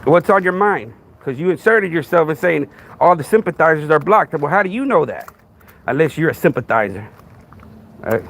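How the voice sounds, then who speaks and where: A Texan man hosting a live stream, firing rhetorical questions at a commenter and repeating himself. His voice is gravelly and swings widely in pitch. A faint hum of noise sits behind him. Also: expressive, normal speed, fairly bright tone. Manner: confrontational, repetitive, rhetorical questions. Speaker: podcast host.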